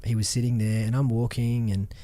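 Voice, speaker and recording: A man's voice: mid-range voice, level tone, fairly quick, dark tone. An Australian man, a former fighter, telling stories on a podcast in a rambling, heavily swearing, restart-filled way. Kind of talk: casual podcast chat.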